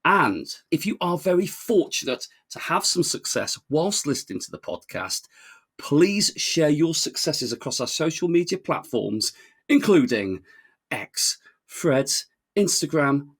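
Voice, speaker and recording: A man's voice: fairly high pitch, sing-song, slow, slightly rough. An English man co-hosting a podcast in casual chat, jokey and laughing often as he runs through the show's plugs. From England. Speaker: podcast co-host.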